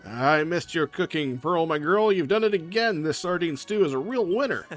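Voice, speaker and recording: Picture a proud fisherman father who boasts about his catch in a lively, swooping voice, read out by a man playing through a game. He talks in a folksy, homely way, a little higher than an average man. Faint music plays underneath. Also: moderate pace, close to an everyday voice. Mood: boastful. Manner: folksy and boastful, reading lines aloud. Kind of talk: reading game dialogue aloud.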